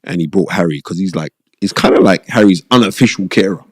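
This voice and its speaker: A middle-aged man, a podcast guest, telling stories in an animated, rambling, streetwise way with a lot of repetition. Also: sits low, fast, no room sound, studio quality. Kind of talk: casual storytelling interview. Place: podcast studio.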